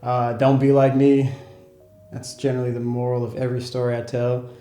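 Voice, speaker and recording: A young man, a travel vlogger, casually telling a story to camera in a relaxed, slangy way with frequent laughs. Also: mid-range voice, brisk, reverberant, soft background music. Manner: laid-back, laughing, slangy, acts out quotes.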